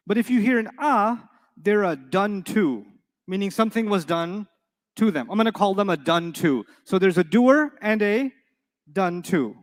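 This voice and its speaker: A man teaching an Arabic grammar class in a classroom, playful and animated, quizzing his students with quick questions. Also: sits high. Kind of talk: classroom lecture.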